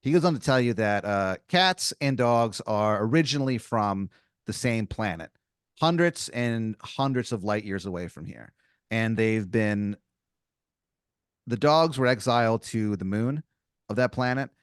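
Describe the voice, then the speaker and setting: A man's voice: on the low side, animated, a little slow, clean tone, no room sound, clean studio sound. Rambling male podcast storyteller. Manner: rambling, filler-heavy, playful. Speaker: podcast host running an improvised story. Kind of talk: improvised storytelling.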